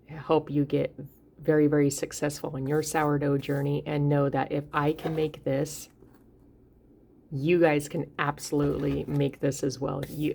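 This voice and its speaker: A woman's voice: low voice, creaky, darkish tone. A woman hosting a home baking vlog, chatting casually and encouragingly to her viewers. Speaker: baking channel host. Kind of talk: casual cooking vlog talk.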